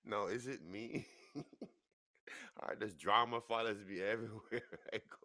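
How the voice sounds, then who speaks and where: Deep-voiced New York man telling a story. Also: normal speed, bright, forceful tone, no echo, studio quality. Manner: laughs through the story, voice jumps high for quoted people. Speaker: podcast host. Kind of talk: animated storytelling.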